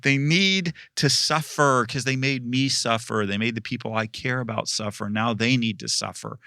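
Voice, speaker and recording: Bright-voiced, animated male pastor. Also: mid-range voice, moderate pace, gravelly, no echo, studio quality. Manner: animated, laughs often, acts out quotes. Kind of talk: casual discussion.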